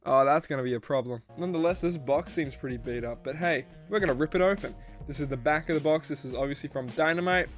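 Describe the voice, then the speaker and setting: A man with an Australian accent, joking and getting excited as he unboxes and reviews a collectible figure. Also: a little high, fast talker, faint music behind. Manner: goofy, jokey, excitable. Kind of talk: casual unboxing chat.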